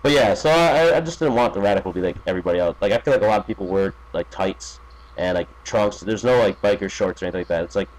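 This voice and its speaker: A podcast guest chats casually, rambling with plenty of fillers, restarts and swearing. His voice is fairly low and a bit quick, and the recording quality is poor.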